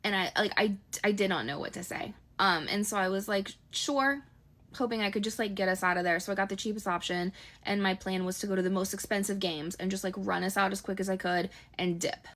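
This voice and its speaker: A woman's voice: mid-range voice, steady tone, brisk, a bit bright. A young woman casually telling a dating story, chatty and exasperated, peppering her talk with "like". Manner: chatty, exasperated retelling with lots of "like".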